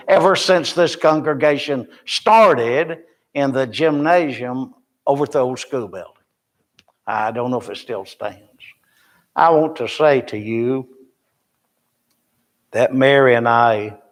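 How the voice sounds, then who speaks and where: An older man, a missionary, giving an informal and rambling report to a church Bible class with folksy, self-deprecating humor. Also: medium pitch.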